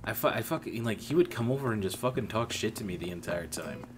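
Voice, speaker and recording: A man's voice: on the low side, lively intonation, fast talker. A young man telling a rambling, profane story about an old coworker in a casual stream chat. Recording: music playing behind.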